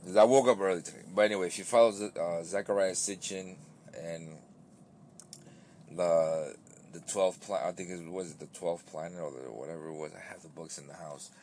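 Man, deep low voice, rambling podcast host, tired, casual swearing, faint room ambience. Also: steady tone, brisk, darkish tone, a little hiss or hum. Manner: loose, rambling, swears casually, many restarts. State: tired, yawning.

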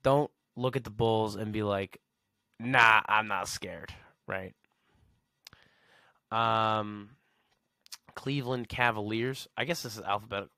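Low-voiced man ranting sarcastically. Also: fairly even intonation, takes it slowly, long pauses, bright, forceful tone, dry recording, studio quality. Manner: sarcastic, rambling, chuckles while joking. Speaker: podcast host. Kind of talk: casual solo podcast rant.

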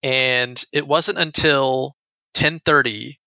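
Young male storyteller, gravelly and earnest, sharp tone, lo-fi dry recording. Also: mid-range voice, fairly even intonation, slow, no room sound. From United States. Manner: earnest, repeats words when upset. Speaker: guest telling a personal story. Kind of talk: conversational storytelling. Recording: dull lo-fi dry sound.

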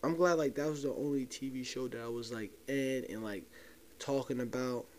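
A man's voice: medium pitch, moderate pace. Profane young man ranting casually. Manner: loose, profane, conspiratorial, talks straight to listeners. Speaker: podcast host. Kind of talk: casual solo podcast rant.

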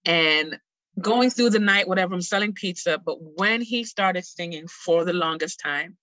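A middle-aged woman speaking as a guest, telling a personal story in an earnest, heartfelt, animated way. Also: fairly low pitch, normal speed, no room sound, rough recording.

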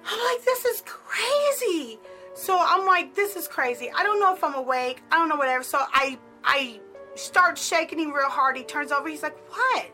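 A woman's voice: sits high, brisk, pushed and bright, faint music behind, poor audio. A middle-aged woman casually telling a personal story, chatty and full of filler words. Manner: chatty, peppered with "like".

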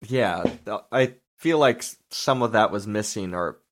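A man's voice: lowish voice, unhurried, fairly bright tone. A man co-hosting a podcast, chatting casually and critically about a film with a wry, mocking edge. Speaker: podcast co-host. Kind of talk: casual movie review chat.

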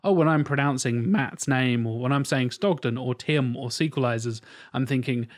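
A man's voice: medium pitch, normal speed. A man hosting a podcast in casual chat, talking enthusiastically and rambling, often mimicking voices. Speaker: podcast host.

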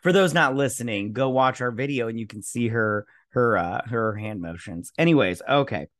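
Rambling, lively-voiced podcast guy. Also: medium pitch, moderate pace, dry recording, clean studio sound. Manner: rambling, loose and profane, with many restarts and fillers. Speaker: podcast co-host. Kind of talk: casual movie review chat.

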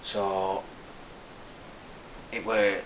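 Low, flat-voiced Lancashire man. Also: very slow. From Burnley, northern England. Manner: rambling, frank storytelling with many restarts. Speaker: army veteran guest. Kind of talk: casual interview. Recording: echoey room with faint noise.

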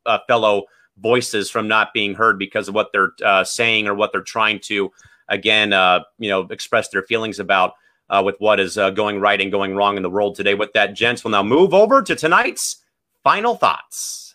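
A man's voice: on the low side, level tone, moderate pace, bright, forceful tone. A young man hosting a casual sports talk show, upbeat and speaking to his listeners as folks. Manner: upbeat, addresses the audience as folks. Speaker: podcast host.

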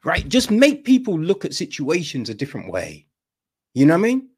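A man co-hosting a podcast in casual, opinionated chat, talking in a profane, animated way and acting out little dialogues. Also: fairly high pitch, fairly quick, husky. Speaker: podcast co-host.

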